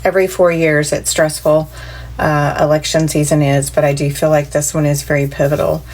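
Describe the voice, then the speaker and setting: A woman's voice: deep voice, flat delivery, moderate pace, darkish tone, rough recording. A woman speaking wearily and reflectively in a candid vlog, tired from lack of sleep. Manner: weary, reflective. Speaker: content creator.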